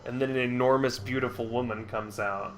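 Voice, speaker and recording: A man from the United States chatting casually while streaming a game, laughing often and swinging between loud bursts and quiet asides. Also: medium pitch, fairly even intonation, fairly quick, background noise. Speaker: streamer host. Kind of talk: casual chat while gaming. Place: indoors at home.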